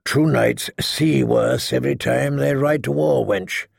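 A man's voice: medium pitch, steady tone, unhurried, vocal fry, breathy edge, no echo, studio quality, full character voice. A man voicing a proud, mocking captive knight who speaks in a sneering, scornful way.

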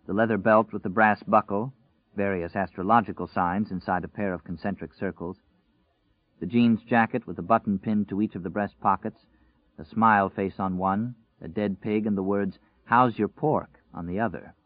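A man narrating a dark story in a measured, tense storytelling voice. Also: lowish voice, fairly even intonation, dry recording. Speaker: audiobook narrator. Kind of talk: dramatic scripted narration. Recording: tinny, phone-like and dry.

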